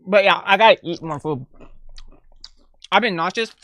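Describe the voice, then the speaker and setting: With a fairly low voice and a moderate pace, a young woman talks casually on a live stream between bites of food. She swears freely, laughs often and erupts loudly now and then, all captured close on a desk mic.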